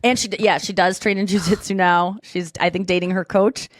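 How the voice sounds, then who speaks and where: A woman's voice: on the low side, fairly even intonation, a little fast, no echo, studio quality. A woman hosting a podcast, chatting casually and retelling a story in a rambling way, with plenty of restarts. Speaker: podcast host. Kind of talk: casual chat.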